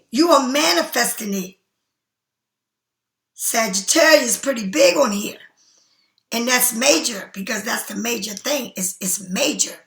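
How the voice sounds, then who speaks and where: A woman's voice: high-pitched, creaky, bright, forceful tone, echoey room. A woman giving a casual tarot reading straight to the viewer, repeating herself for emphasis as she offers spiritual encouragement. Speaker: tarot card reader.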